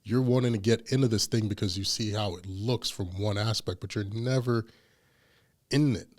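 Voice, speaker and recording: This podcast host, with a lowish voice and moderate pace, spins stories in a relaxed chat. He's an animated storyteller who performs the quoted voices of each character.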